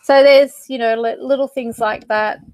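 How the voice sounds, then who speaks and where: Woman, fairly high voice, dry close sound, rambling casual talk, many fillers, psychic channel host. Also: steady tone, normal speed, a little mellow, no room sound. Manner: rambling, searching for words, fillers and laughs. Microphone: desk mic.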